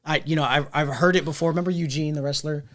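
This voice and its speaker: A young man recounts a chaotic night to his podcast co-hosts. He swears freely and acts out everyone's lines. His voice sits a bit high for a man. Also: fast. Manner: animated, profane, acts out voices in his story. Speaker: podcast co-host. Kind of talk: casual storytelling chat.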